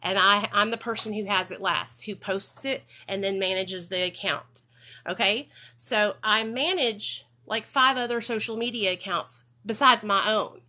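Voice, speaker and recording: A woman's voice: medium pitch, unhurried, sharp tone. A woman from Arkansas, hosting a casual livestream about addiction recovery and talking straight to her viewers. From Arkansas, USA. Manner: chatty, talks straight to viewers with frequent "okay?". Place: home room with children nearby.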